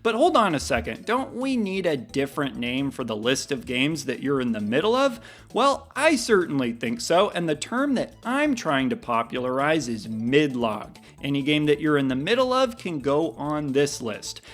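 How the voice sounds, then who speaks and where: A man with a fairly high voice delivers scripted gaming commentary, his pitch swinging widely as he leans into wry, playful emphasis. Faint music plays behind him. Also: sing-song, moderate pace, fairly bright tone. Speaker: gaming video host.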